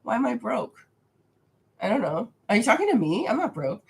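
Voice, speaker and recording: A woman's voice: fairly high pitch, big pitch swings, normal speed, vocal fry. A young adult woman hosting a casual livestream Q&A from home, talking frankly and reading viewer comments aloud, her voice congested and nasal from a recent cold. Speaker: livestream host answering viewer questions.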